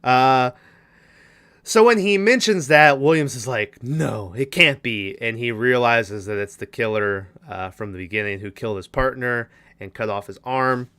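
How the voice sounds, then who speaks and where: A man's voice: mid-range voice, moderate pace, a bit bright, clear, resonant tone. A man on a podcast casually retelling a movie's plot and acting out the characters' lines in a rambling way. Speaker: podcast co-host.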